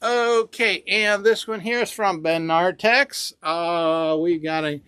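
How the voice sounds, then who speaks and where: A man's voice: sits high, slow, pushed and bright, clear, resonant tone, no echo. A man co-hosting a fabric show who hesitates and gropes for words as he describes colors. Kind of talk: casual product presentation.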